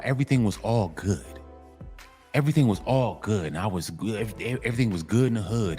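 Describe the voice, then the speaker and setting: A man's voice: on the low side, lively intonation, quick pace, warm tone, faint music behind. A man delivering a casual monologue to other men, emphatic and repetitive, in a preachy tone. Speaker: commentary channel host.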